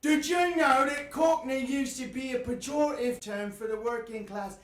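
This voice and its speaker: A man's voice: very high voice, moderate pace, fairly bright tone, echoey room, voice pushed up. A man voicing a haughty, aggressive character in a put-on cockney accent. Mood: mocking.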